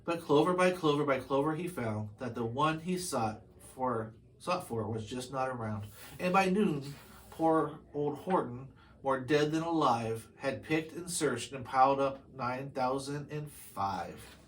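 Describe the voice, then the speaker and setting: A man reading a picture book aloud as the storybook reader, pausing to comment to his listeners. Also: medium pitch, rough recording.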